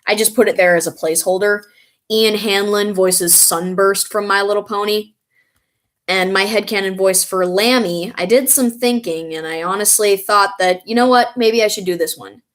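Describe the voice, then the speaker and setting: A woman chatting casually on a live stream, reading viewer comments and reacting with excitable, frequent laughter. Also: medium pitch, normal speed.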